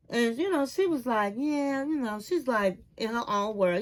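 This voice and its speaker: A woman's voice: a little high, expressive, moderate pace, few pauses, low-quality recording. A middle-aged woman giving chatty, candid commentary as she recaps a reality TV episode, often calling the listener "honey.".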